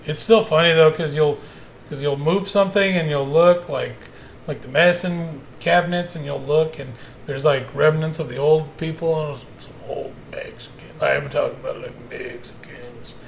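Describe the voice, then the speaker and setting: A man co-hosting a casual chat, telling animated, profane stories and acting out quotes. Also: fairly high pitch, moderate pace, gravelly, a little hiss or hum. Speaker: podcast co-host.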